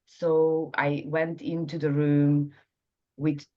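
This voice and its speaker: Woman with a really low, mellow voice, halting, lots of uhs, muffled lo-fi audio. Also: little pitch movement. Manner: halting, many fillers. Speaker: coaching participant. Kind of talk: reflective sharing.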